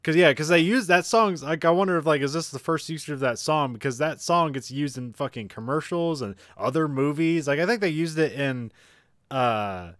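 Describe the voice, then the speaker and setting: A man's voice: on the high side, moderate pace, fairly bright tone, dry recording, clean studio sound. A man co-hosting a podcast, chatting casually about movies, swearing freely and laughing often. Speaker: podcast co-host. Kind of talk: casual movie review chat.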